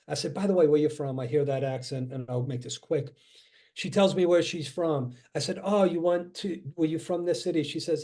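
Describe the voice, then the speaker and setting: Energetic man coaching on a webinar call. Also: a little high, a little fast. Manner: energetic, storytelling, acts out phone calls. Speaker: real estate coach. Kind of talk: motivational webinar talk. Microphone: video call.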